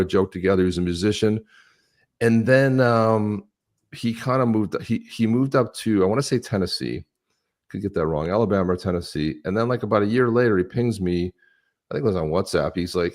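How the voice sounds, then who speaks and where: A man with a very low, deep voice talks in a relaxed podcast chat. He tells stories in a conversational way and acts out the quoted lines of the people in them. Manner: storytelling, acts out quoted dialogue. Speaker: podcast co-host. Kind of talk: casual political chat.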